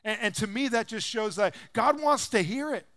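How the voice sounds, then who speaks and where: A man in his thirties, a pastor giving a casual, conversational sermon, animated and acting out quotes as he tells stories. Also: normal speed. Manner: animated storyteller, acts out quotes with rising pitch and volume.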